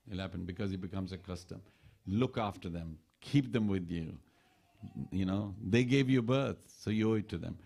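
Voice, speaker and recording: Animated lower-voiced temple preacher, man. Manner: animated storytelling preacher, quoting lines with shifts in pitch. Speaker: temple speaker. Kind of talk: sermon. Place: temple hall.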